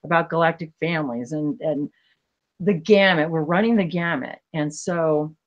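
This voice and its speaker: Woman, fairly low voice, casual spiritual talk, earnest, halting, rambling, home livestream. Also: muffled recording. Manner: rambling, halting, many restarts; earnest and emotional.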